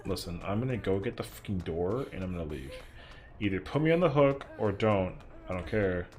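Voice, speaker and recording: A young man with a low, slightly mellow voice and lively intonation speaks fairly quickly. Livestreaming his gameplay, he swears in frustration and chats casually with viewers.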